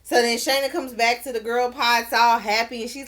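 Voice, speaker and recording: A woman's voice: fairly high pitch, steady tone, normal speed, fairly bright tone. A woman recapping a dating show in a casual vlog, blunt and exclaiming, with slangy asides. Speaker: show reviewer.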